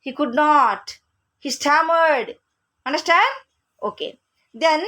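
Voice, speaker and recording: A woman's voice: sits high, unhurried, long pauses, bright, forceful tone. A woman teaching an English reading lesson, explaining words and paraphrasing the story. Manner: explains words, switches to Telugu.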